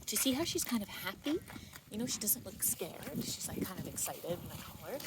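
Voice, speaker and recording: A woman dog trainer explaining calmly while walking a dog outdoors and breaking into high-pitched praise for the dog. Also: quick pace, heavy background noise. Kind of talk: explaining on a walk. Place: outdoors on a neighborhood walk.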